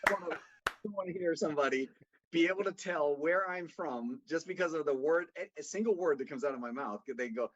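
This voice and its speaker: This Boston-born consultant talks fast, with a fairly high, fairly bright, expressive voice and a faint, mostly neutral American accent. As a podcast guest he tells rambling stories in casual conversation, often restarting, all on dull lo-fi audio.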